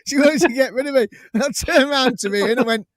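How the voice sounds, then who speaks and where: A man's voice: extremely high pitch, fast talker, no room sound. A man co-hosting a fan podcast, telling anecdotes and acting out the dialogue with laughter. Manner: animated storyteller acting out dialogue, laughing often. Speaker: podcast co-host.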